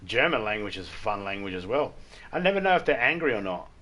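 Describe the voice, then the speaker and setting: A man's voice: on the low side, big pitch swings, fast talker, sharp tone. An Australian man chatting casually and rambling through jokes while streaming a game. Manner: rambling, joking, irreverent. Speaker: gaming livestreamer. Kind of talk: casual chat while gaming.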